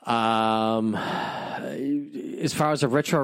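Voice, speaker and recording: A man's voice: medium pitch, lively intonation, moderate pace, no room sound. A tipsy man co-hosting a podcast in a casual chat, rambling and slurring his words with many fillers. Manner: rambling, slurring after drinks, lots of fillers. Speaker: podcast co-host.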